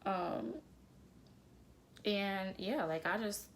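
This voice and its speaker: A woman's voice: medium pitch, extremely slow, a little hiss or hum. A young adult woman with an African American accent, talking candidly to camera while doing her makeup, emphatic, swearing and calling her viewers y'all. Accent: African American English. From United States. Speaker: beauty vlogger.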